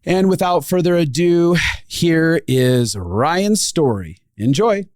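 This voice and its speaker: A man's voice: on the high side, expressive, slow pace, darkish tone, dry recording, studio quality. A man hosting a podcast, introducing the episode in an upbeat, promotional way. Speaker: podcast host.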